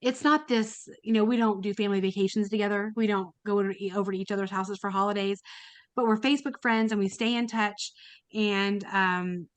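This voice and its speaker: A woman's voice: medium pitch, steady tone, fairly quick, no echo. A woman guest on a podcast, telling a personal story in a chatty, emotional way with many fillers and restarts. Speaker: podcast guest, kidney donor. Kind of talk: casual storytelling.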